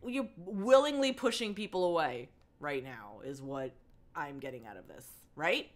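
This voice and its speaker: A woman's voice: low-pitched, lively intonation, moderate pace. A woman streaming a live book reading, with sarcastic joking commentary and frequent laughs. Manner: sarcastic, laughs often, interrupts herself.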